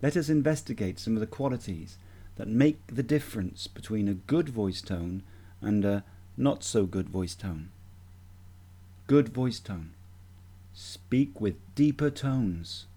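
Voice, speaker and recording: A man giving a measured, deliberate instructional talk as a voice coach. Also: lowish voice, lively intonation, dark tone, husky.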